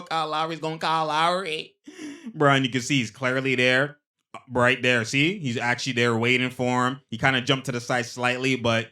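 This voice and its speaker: A man talks through basketball replays in a loose, slang-heavy way, laughing often as he points out plays. His voice sits in an ordinary middle pitch. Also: fairly quick. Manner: excitable, slangy, laughs often between remarks. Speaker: host. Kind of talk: casual basketball replay breakdown.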